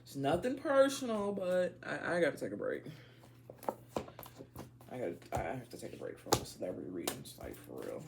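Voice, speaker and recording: A tarot reader, a woman, talks to her viewers in blunt, profane slang. Her voice has a gravelly fry and swoops widely up and down in pitch as she goes off on tangents. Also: huge pitch swings, brisk, very noisy. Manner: talks straight to viewers as y'all. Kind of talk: casual tarot reading chat.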